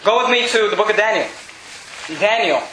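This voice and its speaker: A man's voice: sits high, animated, fairly quick, pushed and bright, slight background noise. A male pastor preaching an emphatic, repetitive sermon in a church. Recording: very echoey room.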